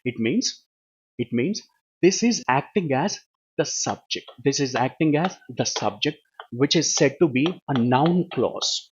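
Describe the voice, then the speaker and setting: A man's voice: mid-range voice, expressive, measured pace, dull audio, a little hiss or hum. A man teaching a live online grammar class, who keeps asking questions, answering them himself and adding "right, ma?". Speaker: English teacher.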